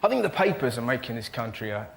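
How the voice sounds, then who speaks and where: A man doing energetic stand-up on a panel show, breaking into loud impressions in front of a studio audience. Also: medium pitch, fast talker, vocal fry, slight background noise. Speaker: comedian.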